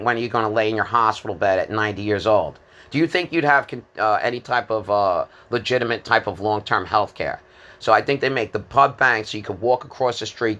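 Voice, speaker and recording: Rambling, bright-voiced man in his fifties. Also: on the low side. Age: 50s. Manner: disjointed, hesitant, many fillers and repeated words. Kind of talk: rambling monologue.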